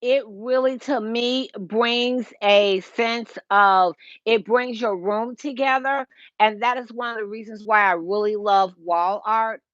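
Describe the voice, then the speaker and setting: A woman's voice: a little high, slow, fairly bright tone, no room sound, lo-fi sound. A woman, hosting a casual home decor livestream and chatting with viewers by name, recorded through a Bluetooth earpiece. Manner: chatty, greets viewers by name, laughs often.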